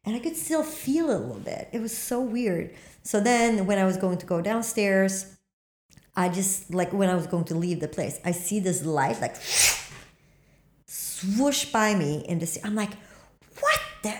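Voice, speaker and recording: A woman telling a story in casual talk. She acts out her own lines with sudden jumps up into squeaky highs. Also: moderate pace. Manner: animated, acts out quotes with sudden high squeaks. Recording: echoey room.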